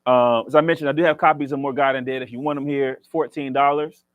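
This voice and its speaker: A man's voice: mid-range voice, steady tone, quick pace, dry recording, narrow, tinny audio. A man performs spoken word poetry as the featured poet at a library reading, with a rhythmic, preacher-like cadence and joking banter between poems.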